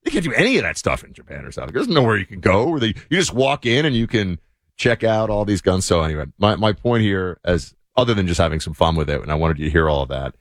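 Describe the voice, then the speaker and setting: Low-voiced guy hosting a talk show, chatty and animated, dry close sound. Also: fast talker, dry recording. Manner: animated, chatty, many fillers. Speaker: show host. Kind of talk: casual political commentary.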